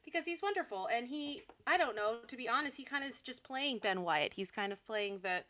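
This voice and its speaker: A young woman talks through a film plot in loose, animated podcast chat. Her voice is bright and crisp, and she laughs often and drops sarcastic asides. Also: a little high, brisk. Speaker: podcast co-host. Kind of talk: casual movie recap chat.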